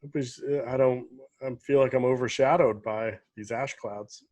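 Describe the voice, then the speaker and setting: A man's voice: mid-range voice, steady tone, moderate pace, a little mellow, dry recording. A man co-hosting a casual podcast, joking and trailing off mid-thought. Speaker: podcast co-host. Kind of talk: casual chat.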